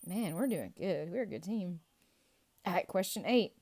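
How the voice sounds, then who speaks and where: Woman kids' teacher, lively playful quiz delivery, mellow low voice, slow and encouraging. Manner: playful, animated and encouraging, drawn-out answer reveals. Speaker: children's ministry teacher. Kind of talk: quiz review for kids.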